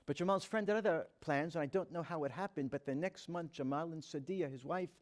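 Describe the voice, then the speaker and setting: A man's voice: a little high, fairly quick, darkish tone. A man, a rabbi, telling a personal story to an audience in an earnest, dramatic way, acting out the dialogue he quotes. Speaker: rabbi giving a talk.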